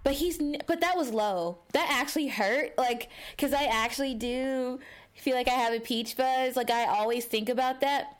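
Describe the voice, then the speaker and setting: High-pitched and at a moderate pace, this young female podcast co-host chats easily and tells lively stories. She voices the quotes as she goes.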